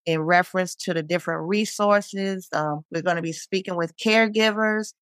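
A podcast host speaking haltingly with many fillers while thanking and questioning a guest. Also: medium pitch, fairly even intonation, fairly bright tone, no room sound. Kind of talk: conversational interview.

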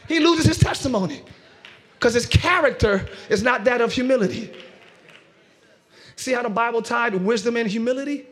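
A man preaching a sermon as pastor to a live church congregation, shouting and half-singing his points and acting out quarrels in quick voices. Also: very high voice. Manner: preaching with shouts and sung rises.

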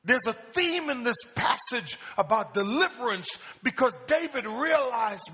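A man's voice: very high voice, lively intonation, measured pace, few pauses, pushed and bright, big-room sound. A man preaching a call-and-response sermon in a church, asking the congregation questions and calling for answers. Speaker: pastor. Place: church sanctuary.

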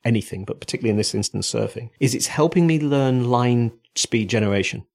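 A man's voice: medium pitch, fast talker, vocal fry, darkish tone. A man co-hosting a podcast, talking casually and rambling as he thinks aloud. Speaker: podcast co-host. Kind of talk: casual chat.

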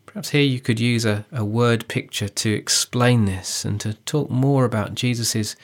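A man discussing how to preach a passage, speaking in an earnest, measured way with emphasis on key phrases. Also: medium pitch. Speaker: preacher giving a preaching guide. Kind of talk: teaching dialogue on sermon preparation.

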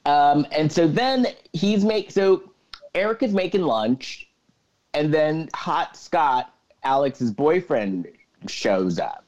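Man eagerly recapping a plot, lively pitch. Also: takes it slowly, highs cut off. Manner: retells the plot at length with many "so then" fillers. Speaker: podcast co-host. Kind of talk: casual chat.

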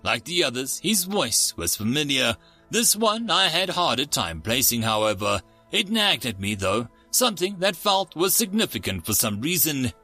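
A man's voice: medium pitch, sing-song, moderate pace, pushed and bright, soft background music. A man narrating a first-person story in a wry, sardonic way.

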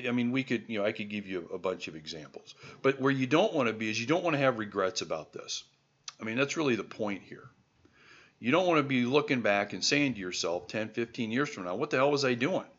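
A man from the American heartland hosts a podcast in a pressing, exhorting tone, hammering listeners with rhetorical questions. His voice sits at an ordinary middle pitch. The recording sounds a little dull and lo-fi. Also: fairly bright tone. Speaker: podcast host. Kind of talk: motivational podcast monologue.

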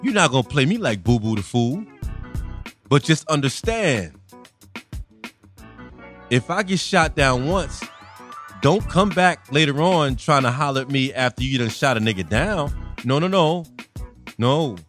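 A man's voice: medium pitch, animated, measured pace, pauses often, a bit bright, faint music behind. A man in a casual monologue rant, blunt, profane and exasperated.

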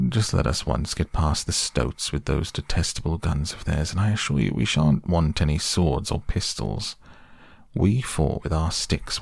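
A man's voice: rumbling low, vocal fry, a little mellow, husky, no echo, clean studio sound, exaggerated voice. A man reading the part of a blunt, peevish old male badger in a storybook.

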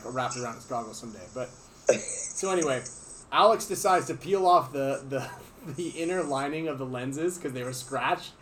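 A man hosting a sports podcast, telling a lively story and acting out his teammates' lines. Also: medium pitch, slight background noise. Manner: animated, acts out teammates' lines. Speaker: podcast host and player. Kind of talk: casual storytelling.

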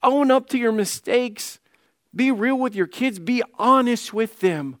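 A man's voice: very high voice, measured pace, a bit bright, dry recording, studio quality. A middle-aged man preaching a sermon as pastor, earnest, often repeating words as he restarts.

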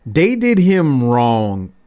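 A man's voice: medium pitch, wildly swooping pitch, very slow, warm tone. Male podcast host, casual, rambling, opinionated. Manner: loose, rambling, fired-up opinions.

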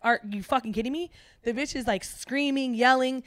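A woman's voice: high-pitched, moderate pace, no room sound, studio quality. A woman podcast host telling a wild story in casual, profane chat, acting out the people in it. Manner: animated, profane, acts out voices.

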